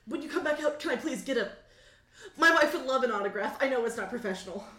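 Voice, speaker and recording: A man's voice: very high-pitched, expressive, fast, bright, forceful tone, pitched above the performer's own voice, exaggerated voice. A woman voicing a nervous, starstruck male nightclub bouncer who fumbles for an autograph, in an echoey garage. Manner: flustered, apologetic.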